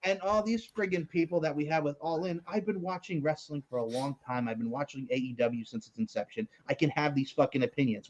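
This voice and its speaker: A man's voice: on the high side, darkish tone. A man hosting a casual wrestling podcast, ranting in a profane, fired-up way and acting out quotes. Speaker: podcast host. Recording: dull lo-fi podcast audio.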